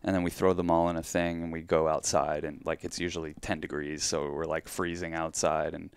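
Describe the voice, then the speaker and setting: Deep, smooth-voiced male podcast host. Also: flat delivery, fairly quick, dry recording. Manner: laid-back, reacts with short interjections. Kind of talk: casual chat.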